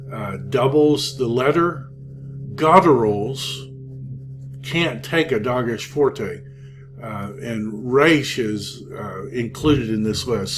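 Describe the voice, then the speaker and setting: Slow, halting male Hebrew teacher. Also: medium pitch. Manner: slow, halting, many fillers. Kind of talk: classroom lecture.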